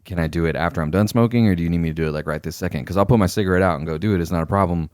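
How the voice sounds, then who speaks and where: A young man with a very low, deep voice who talks quickly, recorded close and dry. He co-hosts a casual podcast, spinning animated stories full of swearing and acting out the people he quotes. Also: smooth, dry recording. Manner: animated storyteller, swears freely, acts out quoted superiors. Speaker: podcast co-host. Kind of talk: casual chat, storytelling.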